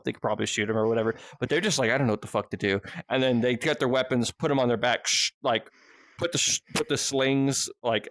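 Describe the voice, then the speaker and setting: Swearing almost every sentence and starting his thoughts over, a podcast guest or host rambles through a story in casual conversation. His mid-pitched voice is a bit bright, captured close and dry without any room sound.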